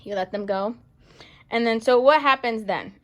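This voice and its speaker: A woman giving a casual tarot reading to camera, animated and playful, calling her viewers darling and baby, with bright bursts and low muttered asides. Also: moderate pace. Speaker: tarot reader and channel host.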